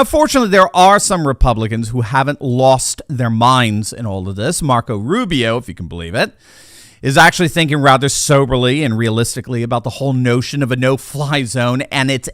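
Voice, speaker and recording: A man delivers an indignant commentary monologue, his slightly high voice swinging widely as he jabs with sarcasm. The sound is dry and close, with no room echo. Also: a bit bright. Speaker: political commentator. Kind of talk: opinionated monologue.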